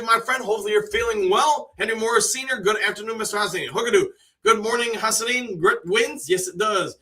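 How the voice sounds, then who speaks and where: Bright-voiced man hosting a live chat, friendly and talkative, reads out viewer comments, a bit off the mic. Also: high voice, recorded from a distance. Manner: chatty, greets viewers by name, shares opinions. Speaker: live stream host.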